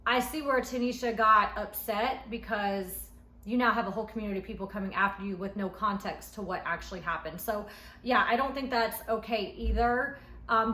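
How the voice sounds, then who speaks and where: A woman casually recapping a reality show episode she was in, telling it in an animated, emphatic way. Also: mid-range voice. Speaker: reality show cast member reviewing her episode. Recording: echoey room.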